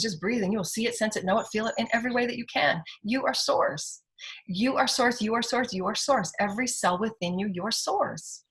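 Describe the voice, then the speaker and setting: A woman's voice: medium pitch, fairly bright tone, poor audio. A middle-aged woman, a spiritual healer, giving an inspirational spoken monologue in an emphatic way and repeating affirmations.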